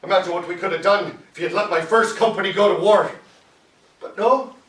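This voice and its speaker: A bitter, tipsy immigrant captain, played by a man, rambles sardonically over his drink in a solo stage monologue. His voice sits high and carries a lilt. It echoes in a roomy space, caught from some distance off the mic. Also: fairly quick, fairly bright tone. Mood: sardonic. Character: bitter Irish immigrant Civil War captain, drinking alone. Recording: roomy echo from far off.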